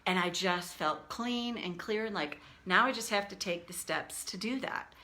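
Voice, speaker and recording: A middle-aged woman talking casually as a tapping coach, candid and animated, acting out her own past reactions. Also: medium pitch, moderate pace. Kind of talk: casual teaching talk.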